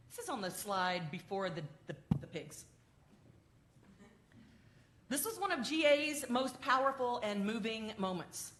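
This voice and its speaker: A woman minister giving an animated, heartfelt address to her congregation and quizzing them along the way. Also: a little high. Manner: animated, quizzes the congregation, grows tender and emotional. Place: church sanctuary. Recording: echoey sanctuary.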